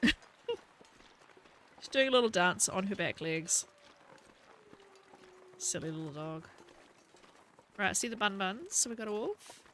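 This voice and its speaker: Woman, gameplay commentary, bright clear tone, casual chatty thinking aloud, faint background hiss. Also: medium pitch, sing-song, measured pace, pauses often. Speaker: gaming video creator. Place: home room with her dog.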